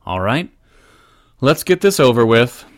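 A man's voice: mid-range voice, sing-song, unhurried, no room sound. Audiobook hero voiced by a man, cocky, dry, offhand, quipping, cool under fire. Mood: wry. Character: cocky, unflappable male superhero.

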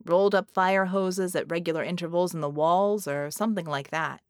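Woman voicing a flat-voiced armored hero. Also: lowish voice, moderate pace, no echo, clean studio sound, lightly acted. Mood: dry. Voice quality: odd flat delivery. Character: armored male hero, formerly deaf, dry joker. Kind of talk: audiobook character voice.

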